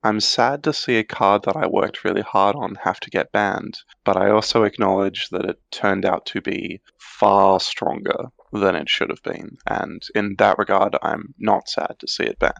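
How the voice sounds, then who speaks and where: A man's voice: sits low, fairly even intonation, normal speed, creaky, hardly any pauses, a bit bright, no echo, lo-fi sound. A man on a podcast as a guest, talking casually and reflectively with a few restarts. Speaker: podcast guest, card designer. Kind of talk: casual chat.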